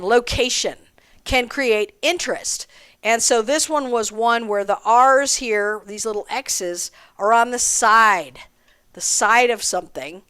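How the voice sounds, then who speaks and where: A woman's voice: a little high, fairly bright tone, smooth. A woman teaching a drum class, explaining rhythms step by step and counting beats aloud in an encouraging way. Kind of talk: music lesson with counting aloud.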